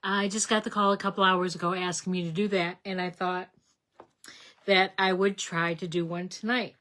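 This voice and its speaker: Middle-aged lady chatting through a card making live stream, lowish voice, rambly, says hi to folks by name. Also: little pitch movement, normal speed, a bit bright. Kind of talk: casual live craft demonstration.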